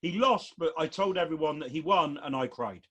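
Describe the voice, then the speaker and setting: A man's voice: fairly high pitch, animated, a little fast, sharp tone, breathy edge. Chatty man hosting a quiz. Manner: laughing, loose and chatty. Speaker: quiz host. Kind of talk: comedy panel podcast chat.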